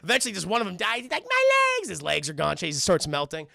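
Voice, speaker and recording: A man streaming a film review, recapping scenes to his live chat and acting out characters in shouted voices. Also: fairly high pitch, expressive, fast talker, creaky, no echo, clean studio sound.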